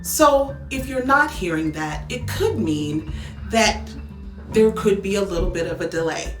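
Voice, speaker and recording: A speech language pathologist speaks to parents in a fairly high, reverberant voice. She gives upbeat coaching advice and demonstrates with exaggerated tones.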